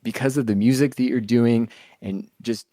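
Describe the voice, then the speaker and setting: A man's voice: mid-range voice, fairly even intonation, normal speed, no room sound. A male podcast host speaking reflectively and hesitantly in a casual interview. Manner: soft-spoken, reflective, hesitant.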